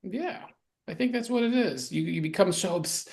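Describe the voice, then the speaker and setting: A man's voice: high-pitched, expressive, normal speed, vocal fry, a little mellow. A man hosting a podcast in casual chat, rambling loosely and laughing often. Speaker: podcast host.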